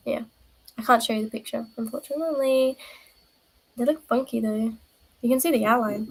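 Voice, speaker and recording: A woman streamer talking off the cuff to her viewers, her voice sitting a little high. She rambles, doubles back on herself and keeps things light and playful. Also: moderate pace, a little mellow, rough recording. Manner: rambling, self-interrupting, playful. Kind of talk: casual live-stream chat.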